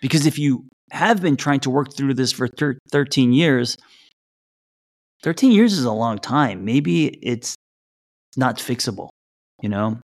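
A middle-aged man with a slight lisp, co-hosting a casual relationship podcast. His pitch sits in an ordinary middle range, and he talks loosely with plenty of fillers and restarts. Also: expressive, measured pace, long pauses. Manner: conversational, reads listener letters aloud, many fillers. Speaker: podcast co-host.

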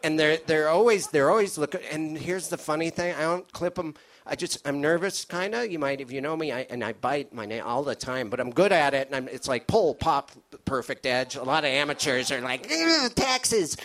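A man's voice: a little high, brisk, a bit bright. A man doing a live stand-up set, rambling and cutting himself off, nervous in tone. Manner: rambling, self-interrupting, nervous. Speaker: stand-up comedian. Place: comedy stage with an audience.

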